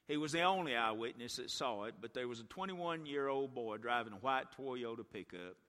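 A man preaching a revival sermon as a guest speaker in a church, telling a story and building to impassioned shouts. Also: mid-range voice. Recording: long church reverb.

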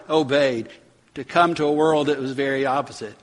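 A man preaching a sermon, building to dramatic emphatic bursts and slowing on key words. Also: mid-range voice, steady tone. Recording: long hall reverb.

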